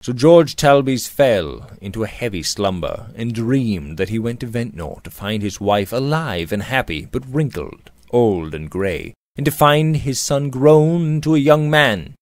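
A man narrating a Victorian novel aloud in a measured, expressive storytelling manner. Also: medium pitch, no echo. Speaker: audiobook narrator.

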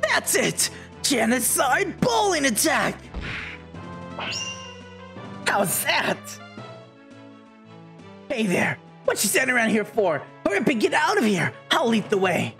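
A cheerful, boastful plumber hero barking brave calls to follow him, as a man puts him on. The voice swings through a lively, bouncy pitch with a gravelly edge, and the lines come out unhurried. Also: faint music behind, exaggerated voice. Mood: heroic, bossy. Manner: bold exclamations, gung-ho.

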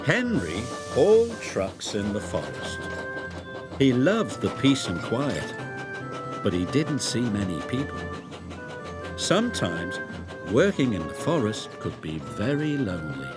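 British man, children's story narrator, slow and unhurried, very lively melody, music behind. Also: on the low side. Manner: gentle, expressive storytelling.

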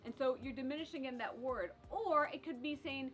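A woman from the south of France with a French accent, teaching French in a lively, casual video lesson. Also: high voice, normal speed, faint music behind. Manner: lively, explains with spoken French examples.

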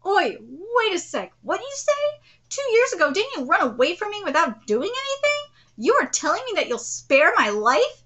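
A woman's voice: very high-pitched, wildly swooping pitch, moderate pace, a bit bright, voice pushed up, full character voice. A woman voicing a brash young male rival fighter, reading manga dialogue aloud in a taunting, incredulous tone.

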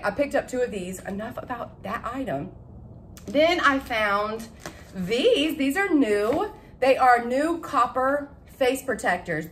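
A young woman chatting casually to camera about her shopping haul, excitable and laughing at her own slips. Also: fairly high pitch. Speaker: vlogger showing a shopping haul. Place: at home.

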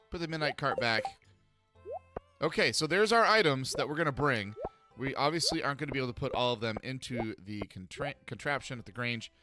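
A man casually thinking aloud while playing a farming game. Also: mid-range voice. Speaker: game streamer. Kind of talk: let's play commentary.

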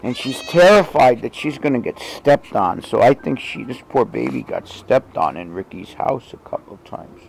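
Gravelly man cooing to his cat. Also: animated, moderate pace, few pauses, slight background noise, low-quality recording. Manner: gravelly, swings into high sing-song baby talk with the cat. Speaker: cat owner. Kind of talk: casual talk to a pet while doing chores. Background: cat meowing.

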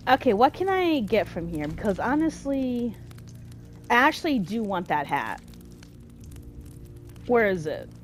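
Woman gameplay commentator, unhurried, expressive, quick to vent frustration. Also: fairly high pitch, a little hiss or hum. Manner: expressive, easily exasperated, talks to herself. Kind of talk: casual let's-play commentary.

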